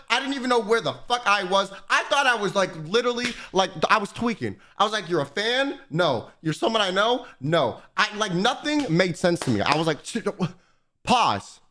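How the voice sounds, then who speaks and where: A male streamer telling a story in casual chat, rambling, animated and full of profanity. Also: high voice, fast talker, few pauses.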